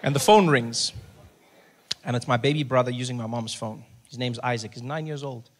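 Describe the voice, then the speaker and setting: A man doing a stand-up comedy set on a theater stage, telling animated stories into a handheld mic and often shouting punchlines. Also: mid-range voice, moderate pace, in a large hall.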